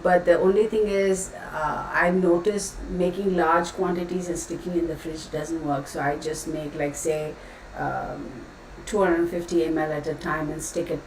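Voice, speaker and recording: A woman with a lowish voice hosts a casual tarot livestream, chatting, rambling, and reading viewers' comments aloud. She's far from the mic in an echoey room with faint background noise.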